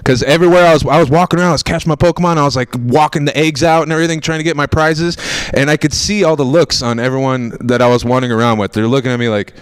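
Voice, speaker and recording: A young man from Florida doing a stand-up set, rambling and self-mocking, now and then bursting into loud mock outrage. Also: on the high side, fairly even intonation, very fast, clear, resonant tone. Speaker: stand-up comedian. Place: TV studio stage with a live audience.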